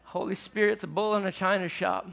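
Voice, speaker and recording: A man's voice: high voice, level tone, a little fast, creaky, fairly bright tone, a little hiss or hum. A man preaching a sermon to a live audience in a conversational way, asking them questions as he teaches. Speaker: pastor.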